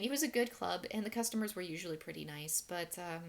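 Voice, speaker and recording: Frank, wry woman with a low voice. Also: fast, vocal fry, hardly any pauses. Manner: frank, wry, matter-of-fact; chatty with many fillers and restarts. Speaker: vlogger telling stories of past work. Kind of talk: casual monologue storytelling.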